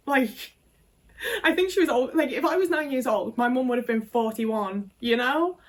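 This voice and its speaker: Woman in her 20s, kinda high voice, swears a lot, says like constantly, just chatting to camera. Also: expressive, moderate pace. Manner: frank and sweary, with lots of "like". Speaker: vlogger. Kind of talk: casual confessional storytelling.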